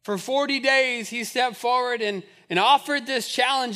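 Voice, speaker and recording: A man's voice: very high-pitched, unhurried, hardly any pauses, pushed and bright, big-room sound. A man preaching a sermon, who speaks in a conversational, humorous way and builds to fervent repetition. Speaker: pastor.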